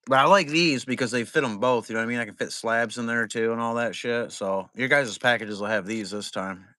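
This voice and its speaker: Bright-voiced man rambling on a livestream. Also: mid-range voice, brisk, no room sound, studio quality. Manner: rambling, profane, laid-back. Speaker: trading card break seller. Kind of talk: casual livestream chat.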